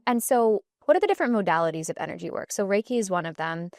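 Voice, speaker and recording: A woman hosting a podcast, chatting in a relaxed, casual way with frequent "like" fillers. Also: mid-range voice, quick pace, no room sound. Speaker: podcast host.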